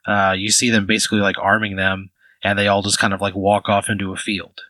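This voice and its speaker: A man's voice: on the low side, completely flat delivery, brisk, pushed and bright, no room sound, low-quality recording. A man narrating as game master in a rambling way, full of "like" fillers.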